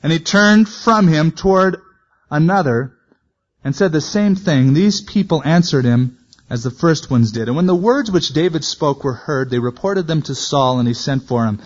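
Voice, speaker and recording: A man's voice: fairly high pitch, lively intonation, moderate pace. A man teaching verse by verse from the Bible, reading scripture aloud and then adding casual, conversational comments. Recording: dull lo-fi recording.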